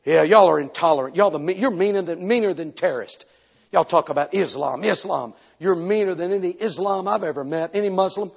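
A man's voice: sits high, a little fast, creaky, slightly rough, dull audio, heavily acted. A man voicing a hostile male airplane passenger who rants at him with accusations. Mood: angry ranting. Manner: angry accusing rant.

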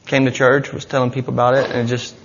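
A man's voice: mid-range voice, monotone, fast talker, in a large hall, muffled recording. A man giving an earnest, rambling personal testimony in church, with many restarts. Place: church hall.

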